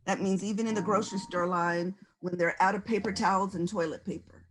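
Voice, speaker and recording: A woman presenting a virtual conference workshop on stress reduction, talking in a gentle, folksy, conversational way as she coaches breathing. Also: mid-range voice, fairly even intonation, brisk, background noise. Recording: music playing underneath.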